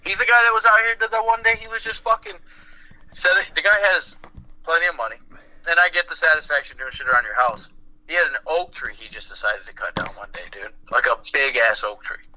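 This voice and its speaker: A man's voice: on the high side, fairly quick, sharp tone, poor audio. A man co-hosting a podcast, chatting casually, swearing freely and telling stories. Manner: profane, storytelling, acts out quoted voices. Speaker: podcast co-host. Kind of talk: casual chat.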